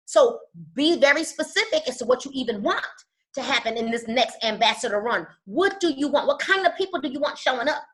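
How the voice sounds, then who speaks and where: A woman speaking as a guest mentor on a group call, preaching with emphasis and swinging between loud and hushed. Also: sits high, animated, brisk, poor audio. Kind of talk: motivational talk on a call.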